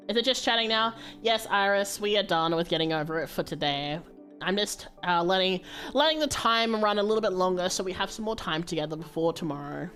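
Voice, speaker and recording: A woman streamer with a naturally low voice chats casually with her viewers. Her talk wanders and is full of fillers and easy laughs, with soft music faintly behind her. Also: expressive, fast. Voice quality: low-pitched voice. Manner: rambling and chatty, with fillers and laughs. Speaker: livestreamer. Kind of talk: casual livestream chat.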